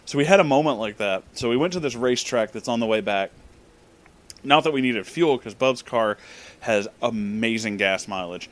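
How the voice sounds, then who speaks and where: A young man spins a rambling anecdote in a relaxed vlog voice. He curses freely and keeps cracking himself up as he goes. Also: medium pitch, normal speed. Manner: profane, laughs often. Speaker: vlogger. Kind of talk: casual storytelling.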